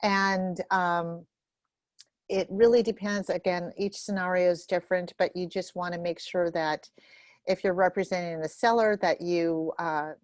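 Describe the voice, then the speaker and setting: A woman's voice: fairly low pitch, steady tone, dry recording. Nervous woman teaching real estate forms. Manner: nervous, quick, with many fillers and restarts. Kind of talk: live training session walking through forms.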